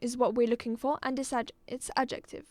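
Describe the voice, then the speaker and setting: A woman teaching a live online exam-prep lesson, patient, repeating words slowly and clearly. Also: a little high, flat delivery, darkish tone. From Algeria.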